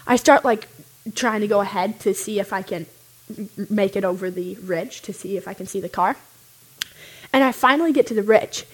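A young woman casually telling a story, animated and full of "like" fillers. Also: mid-range voice, poor audio.

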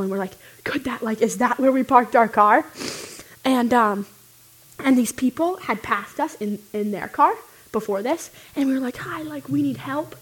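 A young woman casually telling a story, animated and full of "like" fillers. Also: mid-range voice, slightly rough, poor audio.

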